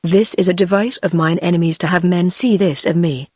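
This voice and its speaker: A woman's voice: on the low side, slightly rough, dry recording, clean studio sound. A text-to-speech voice of a woman with a British accent, reading the lines of a cool, commanding young queen in an audiobook. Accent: British English. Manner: even, measured synthetic delivery.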